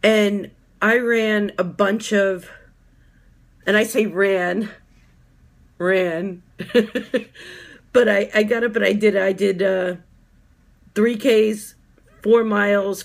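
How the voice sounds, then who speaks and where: A woman in her fifties giving a heartfelt personal testimonial as a fitness coach, halting often with filler ums. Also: medium pitch, steady tone, gravelly. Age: 50s.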